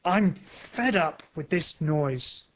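A man voicing a frightened, stubborn old car in a storybook reading, with loud pleading cries. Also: on the high side, expressive, slow. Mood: fed up.

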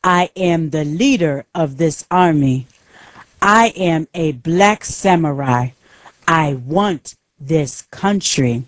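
A woman reading the lines of an arrogant young samurai warlord in a storybook, slowly and plainly. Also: low-pitched, expressive, no echo, clean studio sound. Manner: slow, careful reading.

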